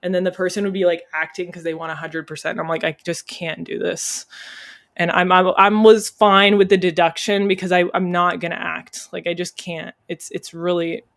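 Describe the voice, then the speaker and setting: A woman's voice: fairly low pitch, flat delivery, fairly quick, hardly any pauses, a bit bright. A young adult woman chatting as a podcast guest, telling stories and laughing often. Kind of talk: casual chat.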